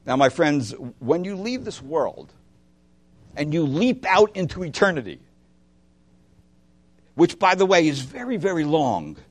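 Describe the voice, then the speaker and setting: Preaching with fervor, this slightly high-voiced pastor alternates forceful declarations with quiet moments and asks his congregation pointed questions.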